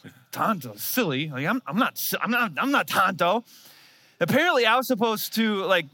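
A man's voice: high voice, animated, moderate pace, sharp tone. A man in his thirties, a pastor, preaching a sermon in a church and telling a self-mocking story.

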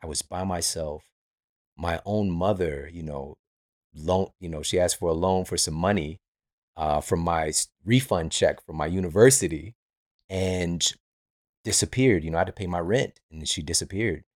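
A man's voice: sits low, moderate pace, no echo, studio quality. A man hosting a podcast, speaking earnestly and reflectively about his own life. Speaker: podcast host. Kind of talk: podcast conversation.

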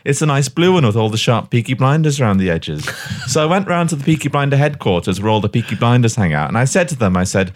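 A young man at middle pitch tells a comic story with big mock-dramatic swings and swearing. His voice jumps high for the quoted lines. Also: lively intonation, fast talker. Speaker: podcast host.

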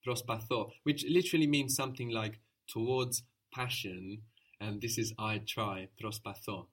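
A man's voice: mid-range voice, normal speed. A man teaching a language lesson, patient and encouraging, explaining each point step by step.

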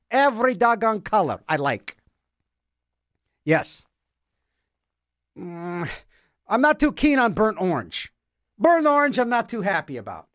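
A man with a high, lively voice that leaps all over its range, hosting his own show and rambling through a goofy comic monologue. He stumbles over words, repeats them and argues back at himself, and the sound is close and completely dry. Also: no echo. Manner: playful, self-mocking, trips over words and repeats them; talks to himself in back-and-forth mock dialogue. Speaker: radio show host.

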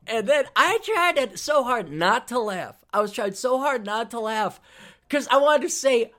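A man talking on his podcast in a rambling, foul-mouthed way, drifting off on tangents and circling back to them. His pitch swings widely, rising and falling all through the telling, which keeps it animated. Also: a little slow. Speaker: podcast host. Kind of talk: casual storytelling monologue.

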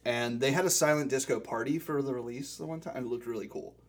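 A man with a husky, slightly breathy voice co-hosts a podcast. He teases the others and cracks jokes constantly. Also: mid-range voice, fast. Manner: teasing, wisecracking. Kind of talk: casual chat.

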